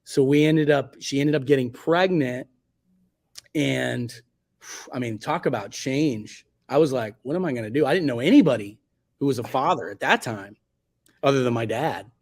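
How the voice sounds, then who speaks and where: This guest photographer, a Virginia Beach native in his forties, talks about his past at normal speed in a middle-pitched voice during a casual interview. Chatty and rambling, he restarts sentences, corrects himself and uses fillers like "like" and "you know"; quoting others, he shifts into a much higher voice.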